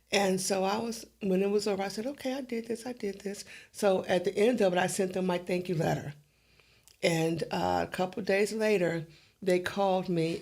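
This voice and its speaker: A middle-aged woman, an interview guest, telling her story in an animated way and acting out the dialogue. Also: fairly low pitch, vocal fry.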